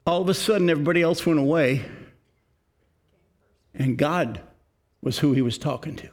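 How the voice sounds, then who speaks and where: Preaching to his congregation, an older pastor reads scripture in a slow, emphatic manner before shifting to earnest, conversational talk. His voice is a little high.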